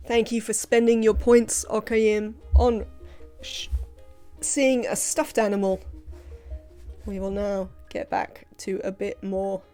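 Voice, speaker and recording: A woman's voice: mid-range voice, level tone, slow pace, warm tone, faint music behind. Chatty woman streaming a game. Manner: rambling, chatty, frequent fillers. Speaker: livestreamer. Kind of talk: casual live gameplay commentary.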